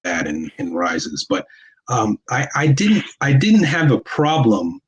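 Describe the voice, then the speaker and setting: A man's voice: medium pitch, sing-song, takes it slowly, husky, low-quality recording. A man in a casual movie discussion who asks questions and often restarts his sentences with hesitation. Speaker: podcast co-host.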